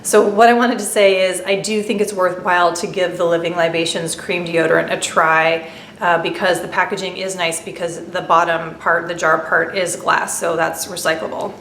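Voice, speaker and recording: A woman chatting through a casual product review vlog at home, talking quickly with many fillers and asides. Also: on the low side, flat delivery, a bit bright, reverberant, slight background noise. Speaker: beauty vlogger.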